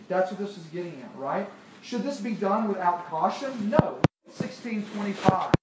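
Preacher in an echoey hall. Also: male voice, sits high, lively intonation, normal speed. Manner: conversational preaching with rhetorical questions. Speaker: pastor. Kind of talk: sermon. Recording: echoey hall, distant mic, loud noise.

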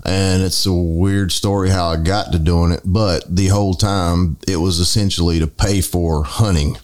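A middle-aged man with a Southern US accent, co-hosting a casual podcast in a laid-back, halting way. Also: low-pitched, steady tone, a little mellow. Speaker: podcast co-host.

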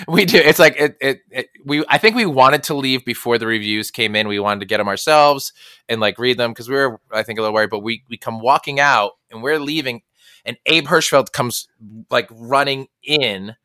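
Bright-voiced man telling stage stories. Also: medium pitch, normal speed, no echo. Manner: animated anecdote-telling, stammers when excited. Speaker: guest Broadway actor. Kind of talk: conversational interview storytelling.

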